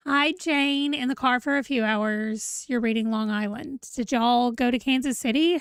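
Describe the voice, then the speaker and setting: A chatty woman hosts a casual livestream. She rambles, reads viewer comments aloud, and sounds a little tired. Her voice sits a bit high, recorded close and dry. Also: no room sound. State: yawning, tired. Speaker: livestream host.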